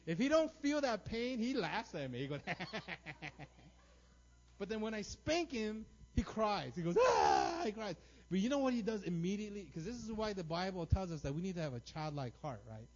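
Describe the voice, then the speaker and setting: This thirties-aged pastor tells animated stories from the pulpit, tagging lines with "right?" to keep the congregation with him. His voice is high-pitched and a little quick, captured on a dull, lo-fi recording.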